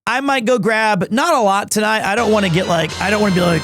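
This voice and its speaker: High-voiced rambling male streamer. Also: fast, over music. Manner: rambling, excitable, self-deprecating. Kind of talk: casual live-stream chat.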